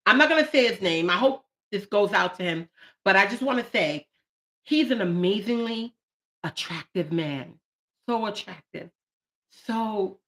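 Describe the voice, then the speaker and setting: Late-40s woman on a livestream, bright and forceful, gets emotional, heartfelt talk about her poetry book. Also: medium pitch, unhurried, pauses often. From United States. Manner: heartfelt, emotional, animated bursts. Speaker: channel host and poet. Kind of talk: emotional live stream chat.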